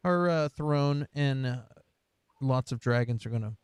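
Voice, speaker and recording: A man's voice: mid-range voice, a little slow, clean tone, dry recording. A man co-hosting a casual pop-culture chat, rambling with many fillers and frequent laughs. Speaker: podcast co-host.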